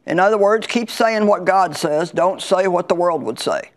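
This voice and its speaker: A woman's voice: on the low side, animated, normal speed. A woman Bible teacher preaching a sermon in a conversational, emphatic way, repeating her key lines.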